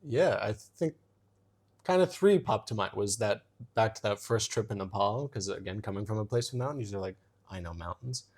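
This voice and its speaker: A relaxed man with a fairly low voice co-hosts a casual podcast. He talks in an easygoing way and often murmurs his agreement. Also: moderate pace. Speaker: podcast co-host. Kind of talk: casual chat.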